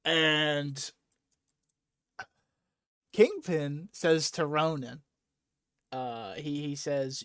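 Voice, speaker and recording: A man's voice: fairly high pitch, slow pace, long pauses, dry recording, studio quality. A young man casually recapping a comic book story, retelling it with lots of energy and acting out lines. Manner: animated retelling, acts out quotes casually. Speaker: podcast host.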